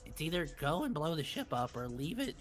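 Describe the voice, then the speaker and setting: A player speaking in character at a tabletop game, measured and deliberate. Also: mid-range voice, big pitch swings.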